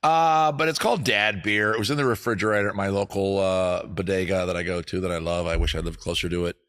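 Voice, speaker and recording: Deep-voiced and fast, with a fairly bright tone, the man runs a laid-back comedy stream at home. His home studio has a streaming setup with cameras, and he jumps between bits and asides, rambling and cursing freely.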